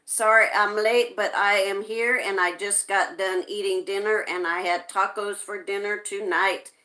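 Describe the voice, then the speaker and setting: A woman's voice: medium pitch, steady tone, a little slow, bright, forceful tone. A woman hosting a casual live stream, greeting viewers by name and reading their chat messages aloud.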